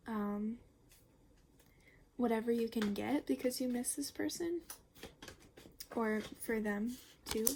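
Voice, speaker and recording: A young woman doing an informal tarot reading has a slightly high, gravelly voice, with a little hiss or hum in the background. She's chatty and meandering, full of fillers and the odd curse, now and then slipping into a soft, almost whispered tone.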